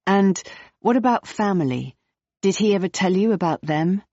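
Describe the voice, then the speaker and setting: A polite, nervous young woman asking careful questions, as an audiobook reader voices her. The voice sits higher and a touch tentative. The recording is dry and slightly muffled. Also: expressive, normal speed, darkish tone, dry recording. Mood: inquisitive. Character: nervous, inquisitive young woman searching for someone.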